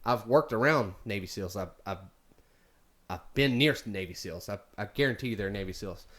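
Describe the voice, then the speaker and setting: A man voicing his quiet male Southern buddy, an ex-Marine, in a low, halting voice. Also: close to an everyday voice. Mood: quiet, sure.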